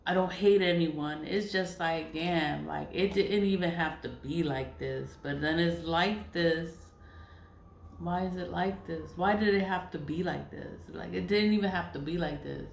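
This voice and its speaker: A woman in a rambling personal monologue, emphatic and repetitive, swearing at times and trailing off with soft laughs. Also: fairly low pitch, gravelly, a little hiss or hum. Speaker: spiritual vlogger. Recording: roomy echo.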